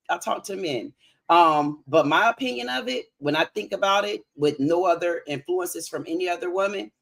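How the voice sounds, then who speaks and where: A woman on a panel who speaks candidly, with laughing asides. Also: lowish voice. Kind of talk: live panel discussion.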